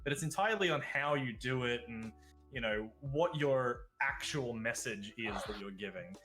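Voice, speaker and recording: A man's voice: mid-range voice, animated, moderate pace, a bit bright, soft background music. An Australian man chatting as a guest on a podcast, blunt and casual, swearing now and then and laughing between points.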